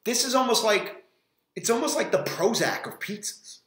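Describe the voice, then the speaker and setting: Rambling high-voiced man in an echoey room. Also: sing-song, a bit bright. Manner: rambling, halting, restarts often. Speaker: frozen pizza reviewer. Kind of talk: casual review vlog. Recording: roomy echo.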